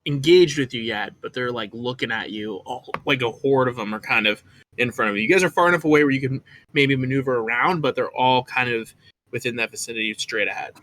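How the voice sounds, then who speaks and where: Bright-voiced man running a tabletop game. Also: medium pitch, fairly quick, slight background noise. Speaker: dungeon master.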